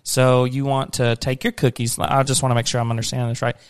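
Teasing dad hosting a family podcast. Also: male voice, mid-range voice, little pitch movement, quick pace, clear, resonant tone, no echo, clean studio sound. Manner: joking, teasing, bursts into laughs. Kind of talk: casual family podcast chat.

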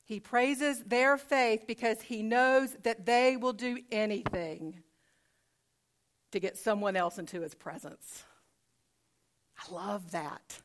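A woman's voice: on the high side, slow. A woman pastor preaching a sermon conversationally, asking rhetorical questions and repeating phrases for emphasis.

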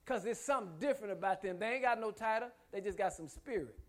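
A male preacher with a notably high voice delivers an emphatic sermon. He builds momentum by repeating rhetorical questions, and he breaks it up with humorous asides and laughs. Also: fast talker.

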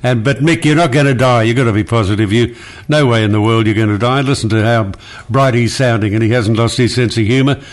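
Older talkback host, firm, reassuring, a little gruff. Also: male voice, medium pitch, fast. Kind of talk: talkback radio chat.

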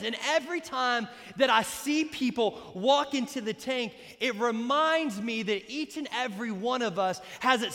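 A man pastor preaching an energetic, joking sermon at a baptism, sometimes bursting into shouts. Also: very high-pitched. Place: church sanctuary during a baptism. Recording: echoey hall.

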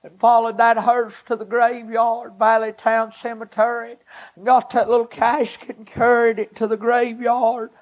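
A man, preaching a personal testimony in earnest, halting, short emotional phrases. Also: very high-pitched, completely flat delivery.

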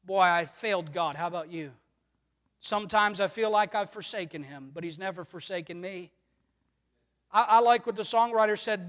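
High-voiced preacher in an echoing hall. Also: male voice, normal speed, fairly bright tone. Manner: earnest preaching, rhetorical questions, swells and drops in volume. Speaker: pastor. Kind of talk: sermon. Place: church sanctuary. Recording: long reverb of a church hall.

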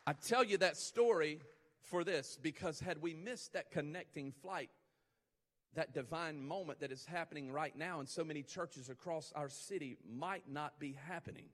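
High, bright-voiced male preacher. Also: normal speed, big-room sound. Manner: emphatic, repetitive build-ups, rising intensity. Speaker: pastor. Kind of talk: sermon.

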